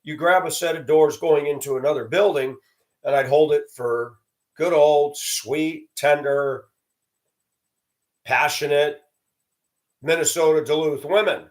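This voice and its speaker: This Southern host's monologue is a sarcastic, judgmental rant full of emphatic repetition. His slightly high voice stays steady, moving at a measured pace with frequent pauses.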